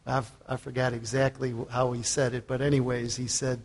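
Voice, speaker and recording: A man's voice: medium pitch, little pitch movement, fairly quick, few pauses. A man who is a preacher and fitness coach, giving a conversational sermon, telling the story with chuckles and repeating phrases for emphasis. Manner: chuckles often while talking.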